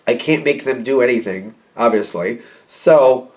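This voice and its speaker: A man giving a casual tarot reading, animated and repeating phrases as he acts out quoted reactions. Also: medium pitch, a little slow. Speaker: tarot reader.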